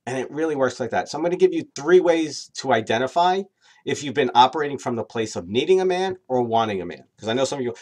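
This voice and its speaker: A man giving dating advice straight to camera, lively and acting out quoted inner voices. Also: medium pitch, fast talker. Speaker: dating coach. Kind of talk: direct-to-camera advice talk.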